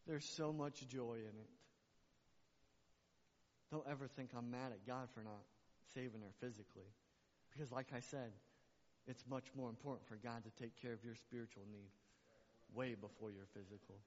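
A man's voice: medium pitch, fairly even intonation, normal speed, pauses often, a little hiss or hum. A man preaching a sermon to his church, passionate and repeating phrases for emphasis. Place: church sanctuary. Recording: muffled recording with long hall reverb.

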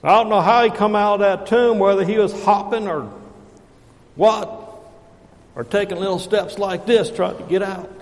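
High-voiced preacher in a reverberant hall. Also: male voice, fairly even intonation, normal speed. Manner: folksy preaching, swings from hushed to shouting. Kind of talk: sermon.

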